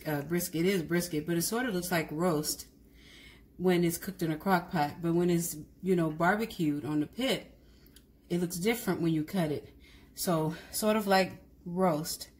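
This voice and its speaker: This cooking vlogger, a woman with a fairly low-pitched voice, walks through a casual demonstration. She chats away, often correcting herself and speaking directly to the people watching.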